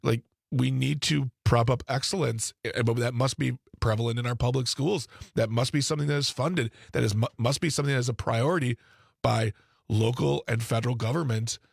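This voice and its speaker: Male political commentator, gravelly and a bit husky, casual conversational delivery with restarts, dry sound. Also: medium pitch, fairly even intonation, a little fast, no echo. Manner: conversational, with frequent restarts and asides.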